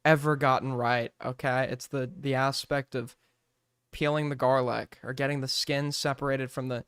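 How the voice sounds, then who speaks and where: Young male streamer, crude sarcastic commentary, crisp dry close-mic sound. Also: medium pitch, little pitch movement, normal speed, fairly bright tone, dry recording. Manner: crude, sarcastic, swears freely. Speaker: streamer reacting to videos. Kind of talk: casual commentary over clips.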